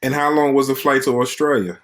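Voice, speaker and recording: A man from New York hosting a podcast, asking questions in a relaxed way. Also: medium pitch, fairly quick. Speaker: podcast host. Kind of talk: casual interview questions.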